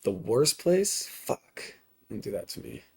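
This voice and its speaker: A man's voice: mid-range voice, big pitch swings, a little slow, vocal fry, slightly rough. A man guesting on a podcast, telling a tour story in a loose, profane, rambling way full of "like" fillers. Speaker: podcast guest, touring band musician. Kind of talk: casual storytelling.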